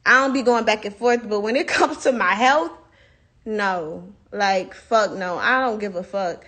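A woman's voice: mid-range voice, a little slow, a bit bright. A young woman ranting bluntly and profanely into her phone on a livestream. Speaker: livestream host. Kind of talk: heated casual livestream rant.

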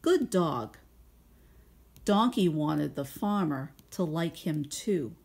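Woman, teacher, picture-book read-aloud, low voice, breathy, slow and patient, guiding questions. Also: darkish tone. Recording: home video lesson.

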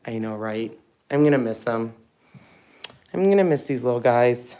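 A man hosting a casual live stream at home, talking fondly to puppies with soft baby talk. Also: medium pitch, lively intonation, moderate pace. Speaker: host of a live puppy stream.

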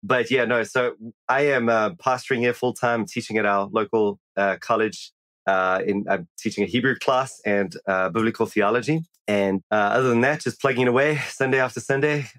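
South African pastor, casual and dry-sounding. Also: male voice, mid-range voice, normal speed, a bit bright, no room sound. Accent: South African, mixed with some American. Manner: chatty, self-deprecating, many restarts. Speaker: pastor and guest. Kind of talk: casual podcast conversation.

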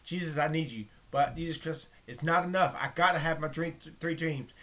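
A man praying aloud in a halting, pleading monologue, often breaking off and restarting, dropping to a hush at times. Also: on the high side. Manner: drops to a hushed whisper at times. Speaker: vlogger. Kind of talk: spoken prayer monologue.

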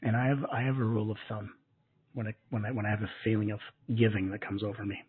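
A man leading a guided gratitude meditation as a spiritual teacher, speaking softly and slowly in a soothing way. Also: fairly low pitch, level tone, husky. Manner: soft, slow and soothing, with gentle repetitions. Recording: muffled lo-fi narrow-band audio.

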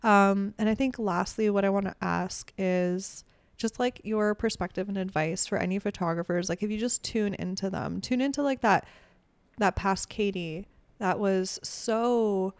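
A woman's voice: mid-range voice, clean tone, no room sound. Upbeat woman podcast host, dry sound. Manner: upbeat, encouraging, quick affirmations. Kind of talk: casual interview chat.

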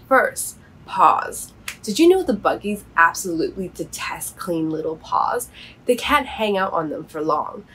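A woman's voice: mid-range voice, slight background noise. Woman doing Old Owl, a kind, patient old owl. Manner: gentle, explaining, measured.

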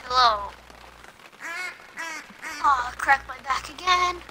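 A woman's voice: high-pitched, animated, slow pace, background noise. A woman joining a casual gaming stream, playful and silly, goofing around with jokes. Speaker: stream co-player.

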